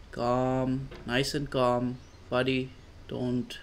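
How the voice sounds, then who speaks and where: A man doing casual let's play commentary, coaxing his character along with repeated calm-down phrases. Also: medium pitch, slow, creaky, few pauses, slight background noise. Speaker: gamer.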